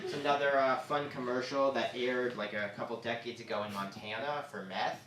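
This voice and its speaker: A man performing a stand-up comedy set on a club stage, with quick asides as he moves between jokes. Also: medium pitch, slight background noise. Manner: lively, joke-driven, quick asides. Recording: echoey club from far off.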